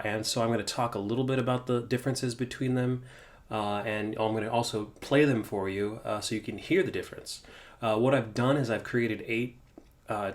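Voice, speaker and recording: A man hosting a guitar amp tutorial, talking casually with lots of "uh"s and restarts. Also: mid-range voice. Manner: relaxed, many fillers and restarts. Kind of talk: casual gear demonstration.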